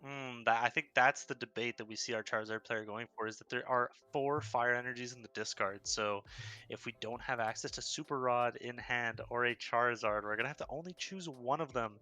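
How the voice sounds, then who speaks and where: A man's voice: medium pitch, a little fast, bright, forceful tone. A man casting an online card game tournament, breaking down plays in an upbeat, analytical way. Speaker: esports caster. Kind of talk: casual game commentary.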